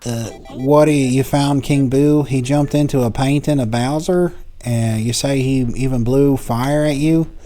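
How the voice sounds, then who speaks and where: A man's voice: mid-range voice, fairly even intonation, unhurried, few pauses, mellow, faint music behind, lightly acted. A man voicing a doddering elderly male ghost-hunting professor with a folksy drawl, reading game dialogue aloud. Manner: folksy drawl, trails off mid-story.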